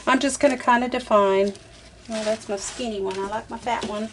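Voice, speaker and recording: Talking to herself as she crafts, a chatty woman walks through a casual step-by-step tutorial, sprinkling in "y'all." She has a slightly high, fairly bright voice with a steady tone and moderate pace, and there's slight background noise.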